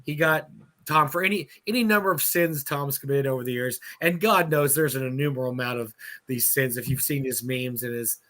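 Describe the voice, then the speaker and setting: A man's voice: mid-range voice, a little fast, fairly bright tone. A man in casual live-stream chat about running a convention, jokey and prone to laughing and restarting sentences. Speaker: convention organizer on panel.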